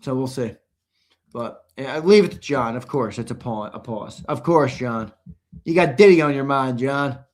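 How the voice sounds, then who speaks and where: An American man hosting a live sports talk stream, chatting loosely, reading viewer comments and now and then bursting into shouts. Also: mid-range voice, moderate pace. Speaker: host.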